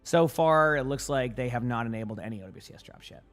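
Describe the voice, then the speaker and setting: A man's voice: medium pitch, fast, soft background music. A man streaming in the morning with his morning voice, chatting casually with viewers in a rambling way, stumbling and repeating words as he answers chat. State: morning voice, just woke up.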